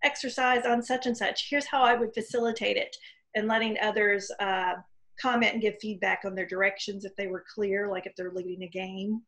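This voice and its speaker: A woman's voice: mid-range voice, little pitch movement, a little fast, fairly bright tone. A woman hosting a casual interview over a video call, chatty and encouraging, laughing easily as she asks about training. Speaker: host.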